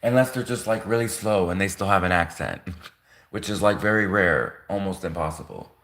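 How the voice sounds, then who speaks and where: Rambling low-voiced Canadian man. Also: expressive, moderate pace, fairly bright tone, reverberant. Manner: rambling, constant "like" fillers, chuckling. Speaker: livestream host. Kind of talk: casual livestream rant.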